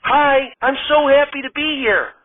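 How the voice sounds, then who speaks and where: A man voicing a sweet, bubbly female comedian, speaking in a breathy falsetto. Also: unhurried, a little hiss or hum. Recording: tinny distant phone-like sound.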